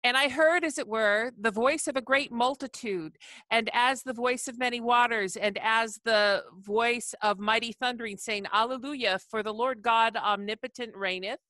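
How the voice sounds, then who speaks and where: A woman's voice: a little high, moderate pace, pushed and bright, no echo. A woman reading her own poem aloud over a video call, chanting long rhythmic lists and rising into emphatic refrains. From not from the South. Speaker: poet. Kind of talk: poetry reading.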